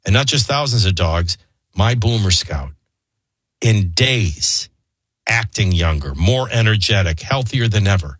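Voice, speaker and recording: A man's voice: fairly low pitch, fairly bright tone, breathy edge, no echo. A man hosting a morning radio show, reading an ad in an earnest, persuasive way. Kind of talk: host-read radio ad. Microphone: dry studio microphone.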